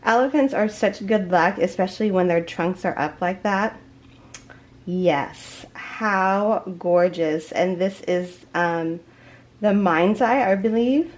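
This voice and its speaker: A woman vlogging an unboxing at home in a casual chat, gushing and excited, with many fillers and restarts. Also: lowish voice, slow, a little hiss or hum. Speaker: crochet vlogger.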